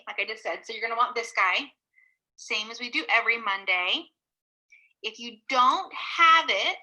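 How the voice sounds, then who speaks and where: A woman elementary teacher leads a live online class for young children over a video call. Her voice is very bright and ringing, a little higher than most. She speaks slowly and patiently, full of praise and encouragement. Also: low-quality recording.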